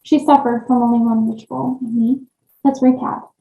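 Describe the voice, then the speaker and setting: A woman narrating creepy first-person stories in a steady storytelling read. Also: a little high, normal speed, vocal fry, slight background noise. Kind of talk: reading creepy stories aloud. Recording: echoey dull lo-fi room.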